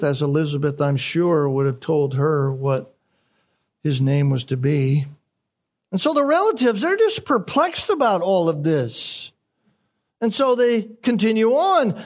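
High-voiced man preaching, animated. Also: muffled recording. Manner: animated, acts out the crowd's reactions. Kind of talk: expository sermon.

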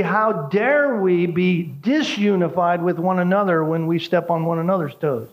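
In poor-quality audio, a man with a fairly high voice preaches, teaching emphatically as he unpacks a word. He keeps repeating key phrases and checking in with a tag question, "right?"

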